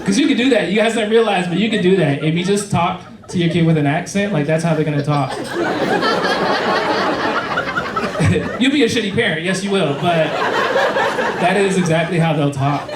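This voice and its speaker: A man's voice: high voice, fast, far from the mic, very noisy. A man in his thirties doing a stand-up comedy set on a club stage, rambling and crude in a conversational way. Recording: echoey club, heard from afar, loud crowd.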